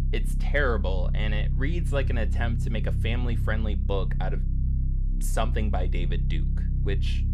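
A woman hosting a podcast in a casual, blunt and sarcastic way, swearing freely. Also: very deep voice. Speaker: podcast host. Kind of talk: casual conversational commentary.

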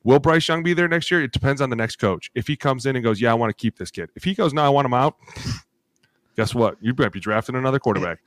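A man in his thirties co-hosting a sports podcast, telling animated locker-room stories full of acted quotes and cursing. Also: medium pitch, fast talker, no room sound, studio quality. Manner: animated storytelling with acted quotes, swears freely. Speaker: podcast co-host, former NFL lineman. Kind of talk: casual chat.

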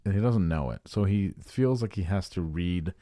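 A man's voice: deep voice, normal speed, warm tone, no echo. A man hosting a podcast, riffing on video clips in a crude, sarcastic, joking way. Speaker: podcast host. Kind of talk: casual chat.

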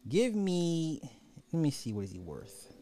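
A man hosting a podcast, giving animated, joking commentary and repeating phrases for effect. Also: a little high, measured pace, a little hiss or hum. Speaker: podcast host. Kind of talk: casual comedic commentary.

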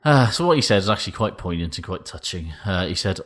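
A man's voice: low-pitched, expressive, quick pace, a bit bright. A man co-hosting a podcast, chatting casually about rugby news in a dry, sweary way and laughing often. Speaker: podcast co-host.

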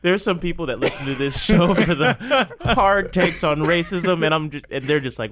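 A man's voice: fairly high pitch, expressive, moderate pace, crowd noise. A man co-hosting a podcast who laughs constantly and repeats jokes in casual chat. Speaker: podcast co-host.

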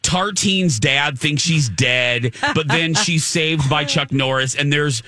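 A man hosting a casual chat, retelling a movie in an animated, mocking way. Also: a little high, slow pace, no room sound, clean studio sound. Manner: animated, exaggerated, mocking retelling with acted-out quotes. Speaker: podcast host.

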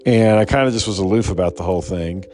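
A man with a low voice tells a personal story in loose, rambling fashion, swearing freely and restarting sentences as he goes. Faint music sits quietly behind him. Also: fast. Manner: profane, rambling, many restarts. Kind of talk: casual personal anecdote.

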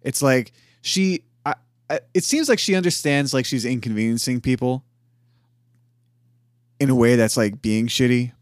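Dude on a cartoon podcast, hesitant and says like a lot, mid pitch, dry close mic. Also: male voice, normal speed, long pauses, dry recording. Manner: hesitant, hedging with "like". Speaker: podcast co-host. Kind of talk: casual chat about a cartoon.

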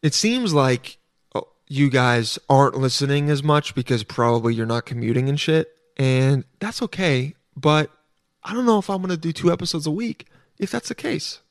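A man's voice: fairly high pitch, expressive, moderate pace, no room sound, studio quality. A man hosting a podcast alone, rambling casually with lots of swearing and restarts. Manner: rambling, profane, self-interrupting. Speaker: podcast host. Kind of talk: casual solo monologue.

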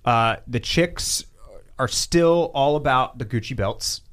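A young man talking casually about fashion trends, in a loose, rambling way full of fillers and restarts. His pitch sits in an ordinary middle range. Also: slow pace, fairly bright tone.

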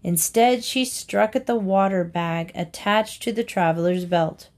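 A woman narrating classic fables aloud for listeners. She reads slowly and deliberately, pausing to give each moral its weight. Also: mid-range voice. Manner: slow, deliberate reading aloud. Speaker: reader. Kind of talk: storybook narration.

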